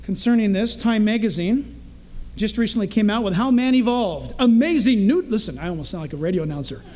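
A man's voice: high-pitched, lively intonation, fairly quick, mellow. A man preaching a morning sermon, emphatic and sarcastic, firing off rhetorical questions at his congregation. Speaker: pastor.

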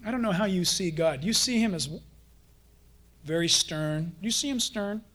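A man preaching a sermon as pastor, animated and conversational, acting out playful little dialogues with his congregation. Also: sits high, moderate pace.

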